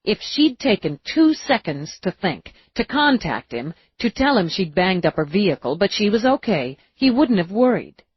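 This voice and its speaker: A woman reading an audiobook in a steady, measured way, in a dull, dry recording. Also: medium pitch, slightly rough, no echo. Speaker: audiobook narrator. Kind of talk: audiobook narration.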